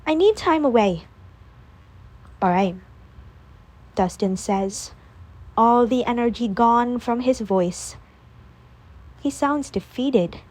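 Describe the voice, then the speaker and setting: Slow, calm woman reading an audiobook. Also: fairly high pitch. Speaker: audiobook narrator. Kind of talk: first-person audiobook narration.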